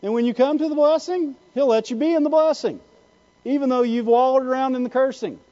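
A man's voice: very high-pitched, fairly quick, dark tone, highs cut off. A man preaching a sermon, asking the congregation "Amen?" and "Why?" again and again. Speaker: pastor.

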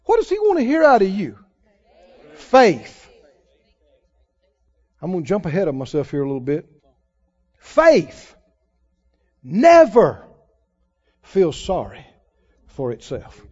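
A man preaching with a very high voice and a slow, deliberate pace. He swings his pitch widely from phrase to phrase. The muffled, lo-fi recording takes the top off his sound. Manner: animated preaching, mimics wailing prayers. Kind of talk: sermon.

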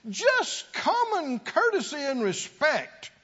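A man's voice: very high-pitched, wildly swooping pitch, takes it slowly, bright, forceful tone. A man preaching a sermon to a congregation, calling for responses and rising to emphatic peaks. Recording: lo-fi church recording with long reverb.

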